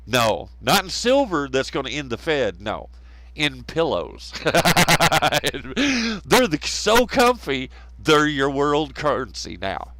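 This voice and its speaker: A Southern American-accented man from the southern U.S. hosts a rambling, casual live stream packed with profanity, laughter, and mocking mimicry of others. His voice is a little high, very animated, slow, pushed, and bright. The recording is low-quality with no room sound.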